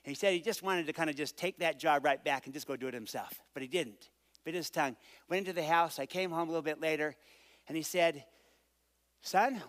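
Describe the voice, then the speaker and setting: Guy on stage telling a story, voice a bit high, acts out the dialogue. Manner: animated storyteller acting out dialogue. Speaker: speaker. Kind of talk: storytelling speech.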